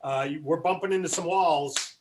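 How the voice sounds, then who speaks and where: A man's voice: fairly high pitch, moderate pace, background noise. A man hosting a sales training call, encouraging and praising his teammates. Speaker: sales team leader running a training call.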